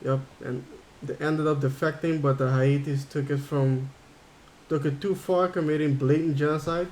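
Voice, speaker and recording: A man's voice: on the high side, steady tone, moderate pace, darkish tone, slight background noise. A man livestreaming a game, chatting casually and rambling as he thinks aloud while reading chat. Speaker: game streamer.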